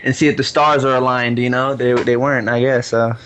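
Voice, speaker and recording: A man in casual, profane chat, telling an animated, salty story about losing a tournament. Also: mid-range voice, fairly quick, a little hiss or hum, poor audio.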